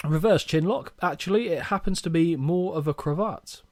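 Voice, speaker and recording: A man's voice: sits high, moderate pace, a little mellow. A young man co-hosting a podcast, reading a match recap with playful asides. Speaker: podcast co-host.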